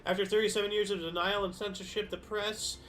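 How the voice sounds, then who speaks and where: High-voiced man musing over history dates. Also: level tone, fast talker, a bit bright. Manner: reads headlines then muses aloud, many fillers and self-corrections. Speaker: host of a daily history show. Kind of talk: casual reading of historical dates with asides. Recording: faint background music.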